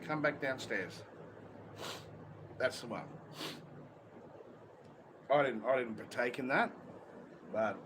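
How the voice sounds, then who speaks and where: An Australian man livestreaming outdoors near a beach, talking bluntly and swearing constantly in casual chat. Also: fairly high pitch. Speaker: livestream host. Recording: outdoor street noise with traffic.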